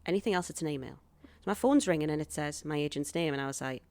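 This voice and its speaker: Animated woman telling stories. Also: low-pitched, quick pace, no echo. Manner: animated storyteller acting out quoted dialogue. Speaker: guest, actress and stand-up comic. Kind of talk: podcast interview storytelling.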